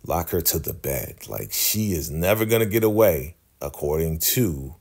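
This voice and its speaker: Low husky guy, chatty tv recap, laughs a lot. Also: moderate pace. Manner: chatty, animated, laughs often. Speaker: YouTube episode recapper. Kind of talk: casual TV recap.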